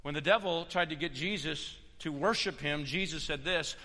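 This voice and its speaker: A man preaching a sermon as pastor, emphatic, swinging between loud declarations and hushed stretches. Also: on the high side, normal speed, hardly any pauses, long reverb tail.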